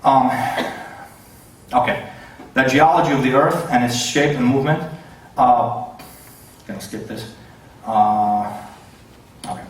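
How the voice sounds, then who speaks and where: A man's voice: medium pitch, slow pace, long pauses, recorded from a distance, slight background noise. A man giving a debate presentation, hesitant, with many fillers and self-corrections. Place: debate hall. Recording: very echoey hall, voice away from the mic.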